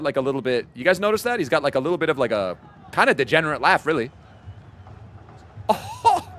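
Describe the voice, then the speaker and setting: A laid-back young man streaming a game and talking easily to his chat. His voice sits a bit high and moves a lot, and faint noise runs behind him. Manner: laid-back, chatty, drops to a hush. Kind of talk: casual chat with stream viewers.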